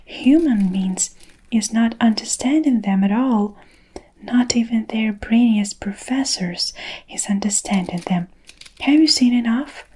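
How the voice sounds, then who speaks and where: Whispered role-play: a woman doing the BFG, gentle giant. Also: on the high side, measured pace, slight background noise, natural voice, low-quality recording. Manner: gentle, mangled grammar. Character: big friendly male giant, gentle, odd grammar.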